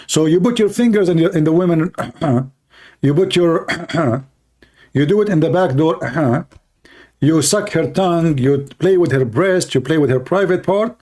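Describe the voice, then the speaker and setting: A man's voice: fairly high pitch, moderate pace, mellow. Emphatic man with a dry throat. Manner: emphatic, challenging, repetitive; frequent throat clearing. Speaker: debater and host. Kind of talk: confrontational livestream debate.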